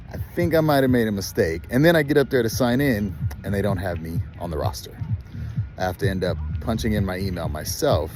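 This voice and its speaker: A man hosting his vlog, telling his story with self-deprecating humor, outdoors at an obstacle race. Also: low-pitched. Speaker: coach and vlog host. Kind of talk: casual vlog commentary. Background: music playing nearby.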